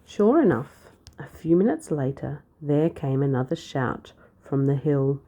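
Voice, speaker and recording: A woman reading a children's storybook aloud, with a lively, expressive delivery. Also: deep voice, measured pace. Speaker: storybook narrator.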